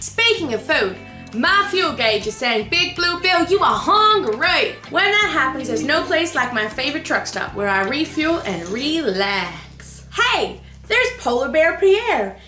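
A woman's voice: very high-pitched, warm tone, echoey room, pitched above the performer's own voice. A woman voicing a big, friendly male eighteen-wheeler truck with a folksy put-on drawl, reading a storybook aloud.

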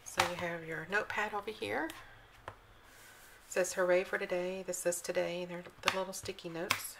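A woman's voice: on the low side, steady tone, normal speed, gravelly, very noisy. A woman vlogging a casual walkthrough of planner sticker books, reading the slogans aloud in a chatty, admiring way.

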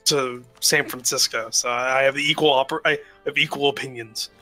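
A man's voice: mid-range voice, fairly even intonation, fairly quick, pushed and bright, soft background music. A man hosting a multiplayer game session, talking casually with rambling restarts and frequent laughter. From United States. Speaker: host, game player. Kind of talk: casual multiplayer gaming chat.

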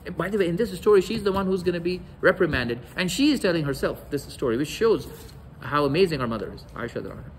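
A man's voice: on the high side, animated, fast talker, few pauses, slight background noise, low-quality recording. A man giving a religious lecture, telling stories and acting out the quoted dialogue. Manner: storytelling, acts out quoted dialogue.

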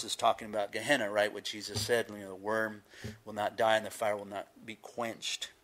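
A man's voice: on the low side, a bit bright. An older man, a pastor telling stories in a chatty sermon. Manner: storytelling, chatty, many "you know"s.

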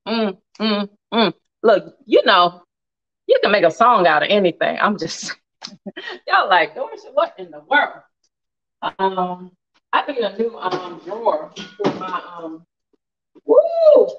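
Lively, playful woman cooking live. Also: mid-range voice, slow. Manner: playful, chatty, exclaims loudly. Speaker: home cook live-streaming. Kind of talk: casual live cooking stream. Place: home kitchen. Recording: dull lo-fi stream audio.

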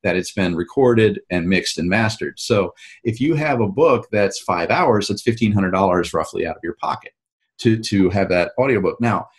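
Man, author and host, low voice, casual interview chat, long explanations, frequent restarts. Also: animated, moderate pace.

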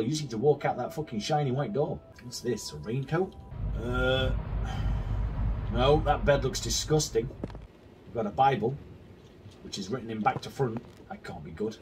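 A man commentating a horror game as he plays, swearing constantly and arguing back at it in an agitated way. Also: mid-range voice. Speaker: gaming video creator. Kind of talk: let's play commentary. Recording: distant mic with faint game music.

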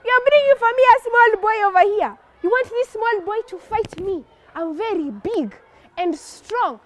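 A woman's voice: lively intonation, normal speed. A woman voicing a huge, boastful male giant warrior who taunts his enemies in a children's story. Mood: mocking. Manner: taunting, booming and scornful.

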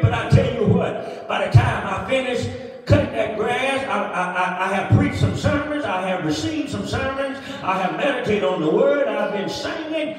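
High-voiced Southern preacher shouting in a hall. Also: male voice. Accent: Southern American. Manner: builds to shouting, repeats phrases, chuckles. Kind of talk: call-and-response sermon. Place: church sanctuary. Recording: echoey church hall from far off.

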